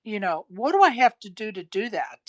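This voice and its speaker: A middle-aged woman chats casually as a host, her speech loose and full of "you know"s. She has the hiccups. Her pitch sits in an ordinary middle range. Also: very animated, fairly quick. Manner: chatty, many fillers. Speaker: podcast host. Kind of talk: casual chat.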